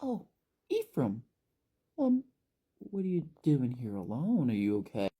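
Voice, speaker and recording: A man voicing a manipulative teenage boy who talks in a soft, coaxing, falsely caring way, in a storytelling recap. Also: medium pitch, wildly swooping pitch, a little slow, breathy edge, pitched above the performer's own voice, exaggerated voice.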